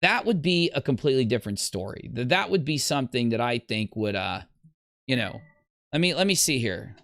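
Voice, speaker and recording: A man hosting a livestream, ranting casually in a rambling, animated way. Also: brisk, gravelly, no room sound, clean studio sound. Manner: animated, rambling, breaks into high squeals. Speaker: livestream host.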